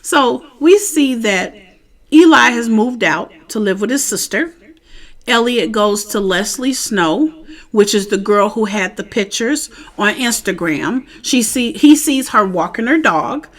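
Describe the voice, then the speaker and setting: A woman's voice: on the high side, measured pace. Chatty woman recapping a TV episode. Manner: chatty, animated, keeps asking "you know what I'm saying?". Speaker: TV show reviewer.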